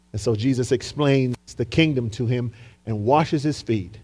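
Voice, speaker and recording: A man's voice: medium pitch, moderate pace, a little mellow, slightly rough. A man preaching a sermon as pastor, telling a story in a dramatic way and calling on the congregation for responses. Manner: dramatic storytelling, acting out quotes.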